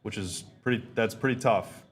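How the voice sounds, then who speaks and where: Low-voiced man reacting casually to a game. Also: normal speed, breathy edge. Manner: rambling, repeats himself, blunt opinions. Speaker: podcast host.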